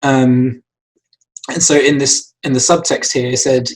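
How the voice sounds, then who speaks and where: A man's voice: mid-range voice, fairly even intonation, a little slow, poor audio. A man, an animator, explaining his acting choices for a shot in a casual, rambling way with many fillers and restarts. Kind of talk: casual lesson talk.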